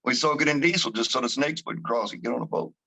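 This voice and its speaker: A towboat captain with a South Louisiana accent spins yarns in a casual interview, his voice sitting at an ordinary middle pitch. He rambles with slang and restarts, laughs often, and jumps into the voices of his crew as he goes. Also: fast, gravelly, low-quality recording. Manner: animated storyteller, laughs often, acts out quoted crew voices.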